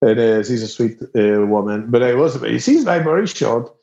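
A man telling a story in a casual chat, halting and repeating words as he searches for them. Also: medium pitch, lively intonation, warm tone, roomy sound, lo-fi sound. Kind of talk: casual anecdote.

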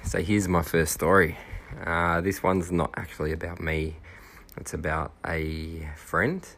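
A man, hosting a podcast and telling a rambling anecdote full of halting fillers. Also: deep voice, level tone, a bit bright. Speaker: podcast host. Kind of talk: casual anecdote storytelling.

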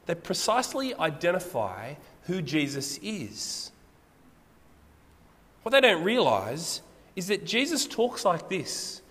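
A man delivers a sermon with a high, lively voice that swings up and down in pitch. He explains the text with plenty of rhetorical questions. His voice rings with the long reverb of a large hall. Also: breathy edge. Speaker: preacher.

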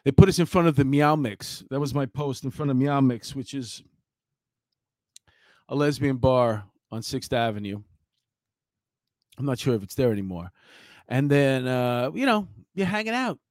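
A man's voice: mid-range voice, animated, normal speed, pauses often, darkish tone, no echo. A middle-aged man, a former police officer telling a story in a blunt, rambling way with many fillers. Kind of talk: casual storytelling commentary.

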